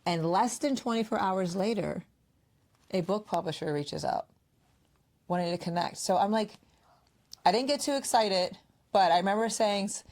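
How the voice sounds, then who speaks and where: A woman's voice: mid-range voice, moderate pace, pauses often. A woman co-hosting a podcast, chatting casually and telling stories, acting out what her friends said. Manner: animated storyteller, acts out quoted friends. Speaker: podcast co-host. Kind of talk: casual conversational podcast chat.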